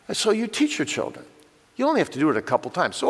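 An older man teaches earnestly, speaking straight to the parents in front of him. His voice sits a little high for a man. Long reverb from a church hall trails behind every phrase. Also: huge pitch swings, fast, husky. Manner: earnest, direct address to parents. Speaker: Bible teacher.

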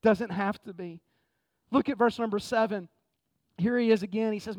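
A man preaching a sermon in a conversational, energetic way, often saying "man". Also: high voice, normal speed, long pauses, no room sound. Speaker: pastor. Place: church sanctuary.

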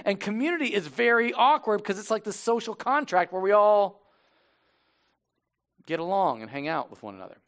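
A high-pitched middle-aged man delivers a sermon as lead pastor. He preaches casually and with animation, talking directly to the congregation in the church. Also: lively intonation, moderate pace, long pauses, a bit bright. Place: church sanctuary.

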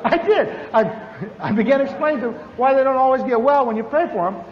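A man preaching a sermon as a story, animated and acting out the voices of the people in it. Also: a little fast. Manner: animated, acts out dialogue with big pitch swings. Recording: echoey hall, dull lo-fi sound with faint noise.

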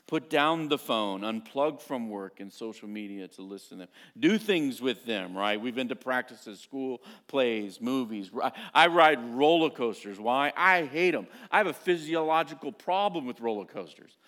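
Animated middle-aged man preaching a sermon. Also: medium pitch, moderate pace, few pauses. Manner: storytelling, animated and self-mocking. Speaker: pastor.

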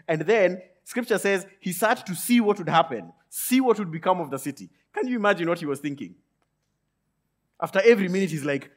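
A male pastor preaching a sermon, swinging from loud emphatic peaks to low quiet asides and acting out quick grumbling lines. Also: expressive. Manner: acts out Jonah's grumbling thoughts in quick asides.

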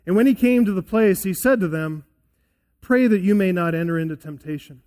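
A male pastor delivers a sermon in an earnest, emphatic way, his voice sitting a little higher than most men's. As he prays he drops to a hushed, soft tone, slowing and quieting his words. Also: animated. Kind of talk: sermon and closing prayer.

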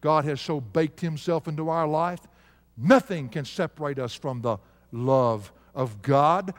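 A man's voice: fairly high pitch, measured pace. A male preacher delivering an emphatic sermon, asking his congregation to answer aloud. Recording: live sermon with long hall reverb.

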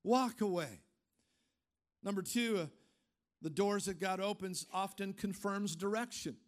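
A man preaching a sermon, firing off emphatic rhetorical questions and then dropping into a low, casual storytelling tone. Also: normal speed. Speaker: pastor.

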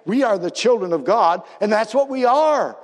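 A man preaching a sermon with great passion, swinging between excited bursts and hushed, low passages. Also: moderate pace. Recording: long reverb of a large hall.

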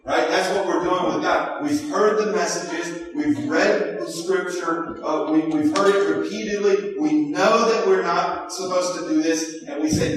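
A man's voice: a little high, unhurried, a little hiss or hum. A man preaching a sermon as pastor, earnest, often repeating a word as he starts a phrase. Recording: echoey hall from far off.

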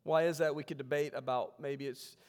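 A man preaching as pastor in a church sanctuary, reading scripture slowly and then talking with humor in a conversational way. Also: mid-range voice, fairly even intonation. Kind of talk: sermon. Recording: long hall reverb.

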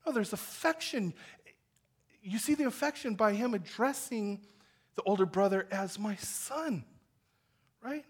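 High-voiced impassioned male preacher. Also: animated, a little slow, pauses often, husky. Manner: impassioned preaching, swings from loud to quiet. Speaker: pastor. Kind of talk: sermon.

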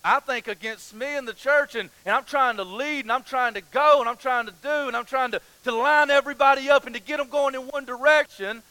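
A man's voice: very high-pitched, a little fast, hardly any pauses, bright, forceful tone, clear, resonant tone, no echo, low-quality recording. A man preaching a sermon as pastor, passionate, repeating phrases and asking rhetorical questions.

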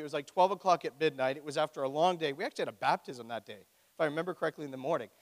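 A man's voice: on the high side, quick pace. A man preaching a sermon as pastor, with a joking, conversational storytelling manner. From Ontario, Canada. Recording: echoey hall.

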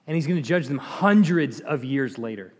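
A man teaching a Bible study, retelling the story in an animated way with laughs and asides to the class, recorded in an echoey church hall. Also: medium pitch, normal speed.

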